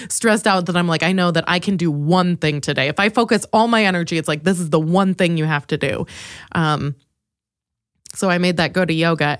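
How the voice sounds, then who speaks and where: A woman in her twenties hosting a comedic solo podcast, swearing freely and laughing at herself in an animated rush. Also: fairly low pitch, dry recording, clean studio sound. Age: 20s. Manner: profane, self-mocking, animated, laughs a lot. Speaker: podcast host.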